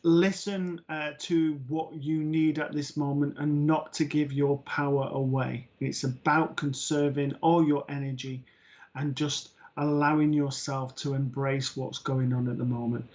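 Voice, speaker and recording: A man giving a psychic reading on a live stream, slow and halting with many pauses and fillers, gentle and soothing. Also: fairly high pitch, little pitch movement. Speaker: medium. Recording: dull lo-fi stream audio.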